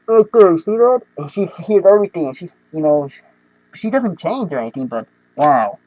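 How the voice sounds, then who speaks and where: Brief: young male comic fan, high mellow voice, gushing and rambling. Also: a little fast, poor audio. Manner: excitable, rambling, many restarts and fillers. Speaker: comic book reviewer. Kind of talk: casual comic book review.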